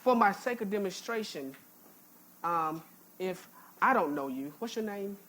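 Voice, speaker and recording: A woman's voice: mid-range voice, expressive, a little slow, background noise. A woman pastor preaching a sermon in a church, folksy and emphatic, often repeating words as she restarts. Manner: folksy, informal speech with jokes. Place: church sanctuary.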